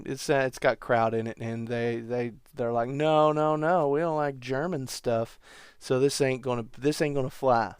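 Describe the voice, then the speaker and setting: A man's voice: mid-range voice, a little mellow, clean tone, no room sound, studio quality. A man hosting a podcast, rambling through a comic monologue with wry, self-mocking asides. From United States. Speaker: podcast host.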